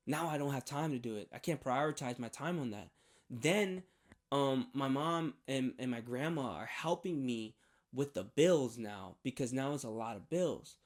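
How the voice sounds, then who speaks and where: Hesitant young man telling a personal story. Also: mid-range voice. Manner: rambling, hesitant, many restarts and fillers. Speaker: vlogger sharing a faith testimony.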